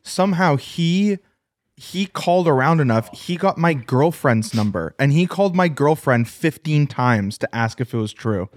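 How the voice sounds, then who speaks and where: A man's voice: on the high side, animated, moderate pace, dry recording. Teasing wisecracking man, dry sound. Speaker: podcast co-host. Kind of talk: casual chat.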